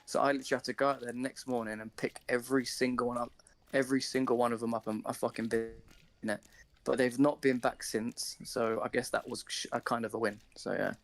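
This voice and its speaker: A man's voice: medium pitch, brisk. Sweary man telling a story. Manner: swearing, animated storyteller, acts out shouting. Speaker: streamer. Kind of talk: casual chat, telling a story.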